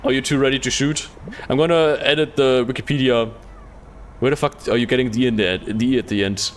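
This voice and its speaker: A man's voice: mid-range voice, fairly even intonation, a little fast, a little hiss or hum. A man streaming a game live, reading the dialogue aloud in a casual way, stumbling over words and swearing offhand.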